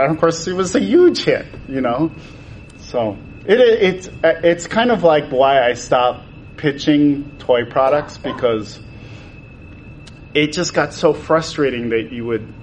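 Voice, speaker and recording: A man's voice: on the high side, lively intonation, measured pace, slight background noise, rough recording. A man, a toy designer, telling stories in conversation and acting out the quoted exchanges with changes of voice. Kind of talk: animated storytelling in conversation.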